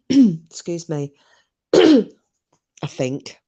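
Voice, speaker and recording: A woman's voice: medium pitch, very animated, very slow, mellow, slightly rough, dull audio. A middle-aged woman, hosting a live stream and chatting casually with viewers, rambling and swearing freely. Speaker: livestream host reading chat.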